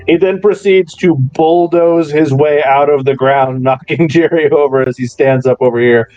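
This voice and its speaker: A man's voice: a little high, fairly even intonation, measured pace, darkish tone, no room sound, highs cut off, soft background music. A man narrating as game master of an online tabletop game, laughing often as he describes the scene.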